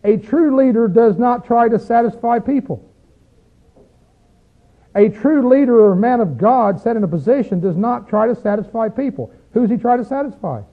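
Folksy preacher, tinny lo-fi recording. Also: male voice, very high voice, expressive. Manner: folksy, plain-spoken, asks the congregation rhetorical questions; rises into loud, drawn-out chanting when acting out crowds in the text. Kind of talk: conversational sermon with scripture reading.

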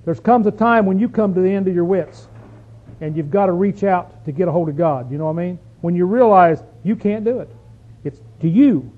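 A man's voice: high voice, fairly quick. A man preaching a sermon in a folksy manner, reading scripture aloud with emphasis. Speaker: pastor. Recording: dull lo-fi recording.

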